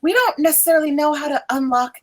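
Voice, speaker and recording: A woman's voice: high voice, lively intonation, quick pace, voice pushed up. A woman voicing a female professor who asks older students for help in a tabletop role-playing game. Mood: earnest.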